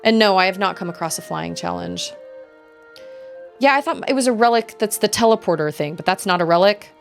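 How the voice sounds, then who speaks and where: Young woman streamer, chatty, giggly, lively swooping pitch, faint game music behind. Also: a little fast, vocal fry. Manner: chatty, giggly, greets chat in high bursts. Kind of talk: casual live-stream chat.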